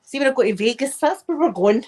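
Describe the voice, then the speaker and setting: A woman's voice: sits high, animated, fast, a little mellow. A woman with a Scottish accent chatting casually with her viewers from her living room, telling stories and laughing often. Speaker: live chat host.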